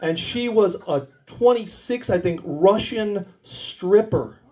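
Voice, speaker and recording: A man's voice: high-pitched, expressive, slow pace, poor audio. A man with an Australian accent doing a crude stand-up storytelling set at a warehouse comedy night. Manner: crude storytelling, acts out quoted voices. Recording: loud live crowd laughter.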